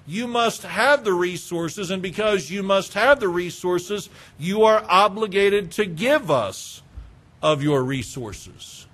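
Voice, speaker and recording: A man's voice: high-pitched, measured pace, a bit bright. A man, preaching a sermon as pastor, emphatic and repetitive, acting out phone calls in quoted voices. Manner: emphatic, repeats phrases, acts out phone calls.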